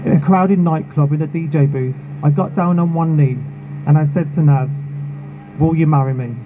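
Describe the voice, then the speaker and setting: A man, founder of a charity, giving an earnest, measured and emotional prepared speech at an outdoor protest rally. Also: fairly high pitch. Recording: phone-like sound with clear street noise.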